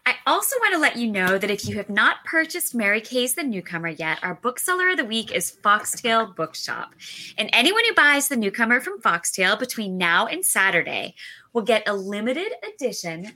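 A woman's voice: on the high side, big pitch swings, moderate pace, bright, forceful tone. A woman co-host making announcements on a book show.

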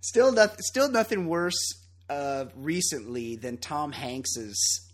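A man's voice: a little high, expressive, takes it slowly. A man hosting a podcast, chatting casually and ranting bluntly with plenty of swearing. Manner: blunt, profane, opinionated ranting. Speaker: podcast host. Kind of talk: casual chat.

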